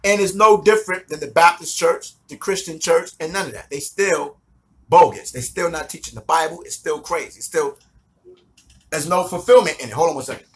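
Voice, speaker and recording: A man gives his personal testimony before a congregation. His voice sits high and sounds sharp and bright. He tells the story animatedly, slipping into the voices of the people in it. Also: fairly quick. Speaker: minister giving his testimony.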